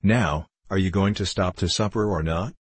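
A weary, practical middle-aged shopkeeping widow, tired and short on patience, as a man reads her in his own low voice. The voice is deep and husky, and the recording is dry and close. It comes across as a story read aloud. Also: moderate pace, dry recording. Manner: tired and impatient.

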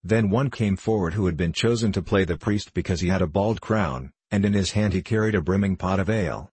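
A man reading a storybook aloud in a measured, even manner. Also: deep voice, husky, no echo. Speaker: audiobook narrator.

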